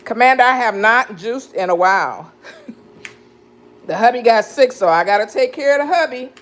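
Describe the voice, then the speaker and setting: A woman's voice: a little high, animated, normal speed. Lady doing a live juicing stream in her kitchen, chatty, laughs a lot, talks to viewers. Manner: chatty, greets viewers by name, laughs often. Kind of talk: casual live kitchen chat. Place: home kitchen.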